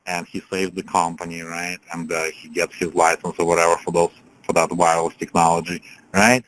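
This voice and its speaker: A man's voice: sits low, completely flat delivery, a little fast, a bit bright, poor audio. A man coaching a group on a call, telling a rambling motivational story with many fillers and restarts. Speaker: business coach.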